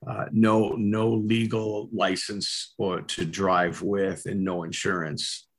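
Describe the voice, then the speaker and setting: A man's voice: low-pitched, level tone, slow. A middle-aged man telling his personal testimony earnestly and candidly, with frequent fillers. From Canada.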